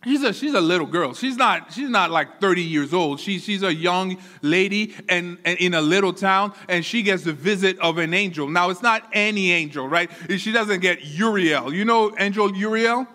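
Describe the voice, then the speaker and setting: At a normal pace with few pauses, a high, bright-voiced man delivers an animated sermon as a pastor. Repeating words often, he works his way up to each point. The church hall gives his voice a long, ringing reverb.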